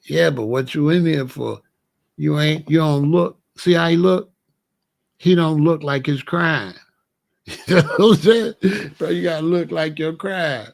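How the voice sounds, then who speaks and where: A man's voice: fairly high pitch, a little slow, gravelly. A man giving casual, slangy commentary, often acting out the people he talks about. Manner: animated, slangy, acts out quoted voices.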